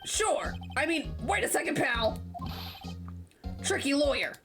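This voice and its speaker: A woman voicing a gruff, blunt male police detective who talks in a brash, blustery way over game music. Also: high voice, expressive, measured pace, pitched above the performer's own voice.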